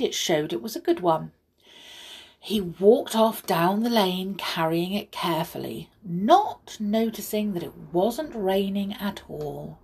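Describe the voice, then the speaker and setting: A woman reads a children's story aloud in a slow, lively way, her pitch rising and falling. Her voice is husky with a gravelly edge, and she drops into breathy whispers for asides.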